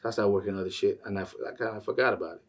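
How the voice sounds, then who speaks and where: A man tells stories from the music business in a casual interview, profane and animated. He talks quickly in a lowish voice. His voice sits a little back from the mic. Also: distant mic. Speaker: music manager, interview guest.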